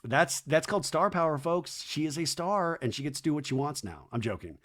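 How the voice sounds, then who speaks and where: A man's voice: on the high side, lively intonation, fairly quick, fairly bright tone. A man hosting a podcast, recapping a reality show in a chatty, sarcastic way and swearing freely. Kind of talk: casual recap with acted quotes.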